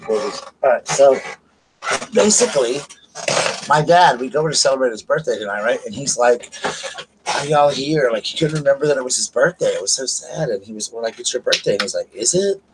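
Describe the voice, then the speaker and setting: A man chats warmly to his live viewers from his bedroom, greeting each one by name with an easy, mid-pitched voice. He rambles affectionately and a faint noise sits behind him. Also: animated, fairly quick. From US South. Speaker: channel host. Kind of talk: casual live-stream chat. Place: bedroom at home.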